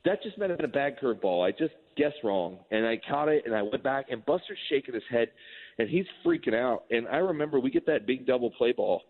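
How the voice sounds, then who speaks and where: A man in his forties, a former pitcher, telling a story in a casual, rambling way, full of "like" and restarts. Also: brisk. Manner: rambling, animated, heavy use of "like". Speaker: former baseball pitcher, guest. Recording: tinny phone-like line with long reverb.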